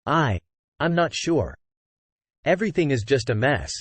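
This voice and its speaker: A synthetic male narrator voicing a hesitant, sly young man who stammers and speaks haltingly. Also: mid-range voice, very animated, no room sound.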